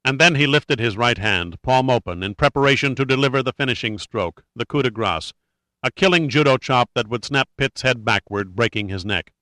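A man narrating a dramatic audiobook in a measured, steady storytelling manner. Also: mid-range voice, dry recording.

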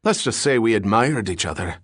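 A man's voice: on the low side, lively intonation, a little fast, a bit bright, dry recording, clean studio sound. A man voicing a big, jovial, drunk Scottish ex-boxer in his forties, with a Scottish accent and a hearty, rolling way of talking. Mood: genial. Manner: hearty, evasive, rolling speech.

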